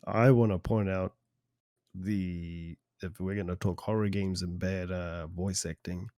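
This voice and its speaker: Hesitant young man, dark dry voice. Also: sits low, steady tone, unhurried, no echo. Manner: hesitant, stammering. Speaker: podcast guest. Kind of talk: casual chat.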